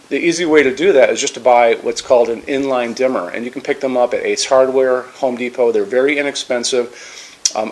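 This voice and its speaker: A man from the United States presenting a lamp in a casual, enthusiastic way, with many fillers and restarts. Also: mid-range voice. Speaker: lighting store presenter. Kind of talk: product demonstration.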